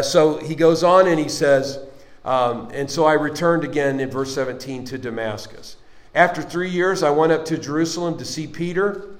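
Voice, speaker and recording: A man teaches a Bible study with fervent preaching, exclaiming hallelujah and amen as he swings between loud passages and quiet explanation. His voice is mid-range, and the rough recording has an echoey room sound.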